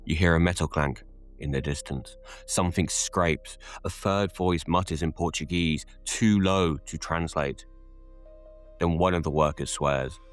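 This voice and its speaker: A man narrates a scripted horror tale in a very low voice. He takes it slowly and deliberately, each line measured. Faint music sits underneath.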